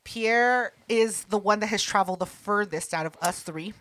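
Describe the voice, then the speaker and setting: A woman co-hosting a podcast, chatting casually and teasing, often cutting in on the others, on a podcast microphone. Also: mid-range voice. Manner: lively, teasing, quick to cut in. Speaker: podcast co-host. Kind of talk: casual chat.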